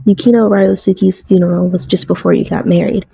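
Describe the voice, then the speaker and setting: A woman's voice: lowish voice, steady tone, brisk, vocal fry, mellow, slightly rough, dry recording, full character voice, poor audio. A woman voicing a frank, offhand young woman in a storybook.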